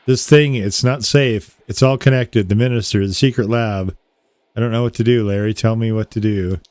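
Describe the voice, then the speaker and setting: A man voicing a frightened, confused young man, reading the game dialogue aloud in a flat, low-key way. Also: normal speed, dry recording, lightly acted. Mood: panicked.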